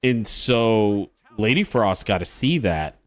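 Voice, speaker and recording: A man's voice: fairly low pitch, lively intonation, takes it slowly, dry recording. Rambling, swearing male streamer telling stories. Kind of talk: casual storytelling chat to a live stream.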